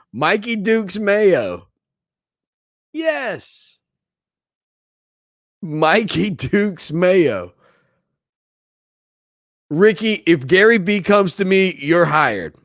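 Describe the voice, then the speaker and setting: A man hosts a sports talk show with a high-pitched voice and a slow, drawn-out delivery. He banters playfully and jokes with the viewers watching along. The recording is dry and close. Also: fairly bright tone, dry recording. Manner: playful, laughing, joking with chat viewers. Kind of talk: casual chat.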